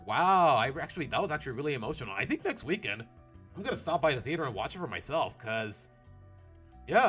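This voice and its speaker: A man with a medium-pitched, slightly bright voice chats casually over game music while streaming from home. His commentary rambles and he keeps restarting his thoughts.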